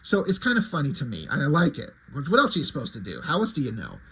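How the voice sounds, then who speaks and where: A man's voice: on the high side, huge pitch swings, fast, fairly bright tone, husky, rough recording. A man reviewing an old homemade comic in a chatty, rambling way, swearing casually as he flips through it. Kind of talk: casual commentary.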